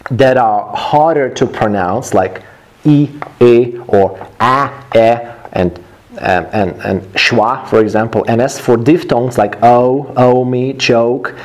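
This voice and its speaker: Man, english pronunciation teacher, slow repetitive drilling, medium pitch. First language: Russian. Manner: repeats phrases slowly for students to copy.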